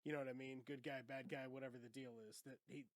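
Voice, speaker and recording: A man's voice: medium pitch, little pitch movement, no room sound. A man co-hosting a podcast, loosely retelling a film's plot in casual chat and quoting characters as he goes. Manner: loose, swearing, retells scenes with quick quoted voices. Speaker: podcast co-host. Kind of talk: casual movie recap chat.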